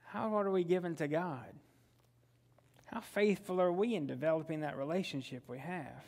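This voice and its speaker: A man's voice: on the high side, moderate pace, vocal fry, darkish tone. A man preaching a sermon as pastor, conversational, often asking the congregation questions and answering them himself.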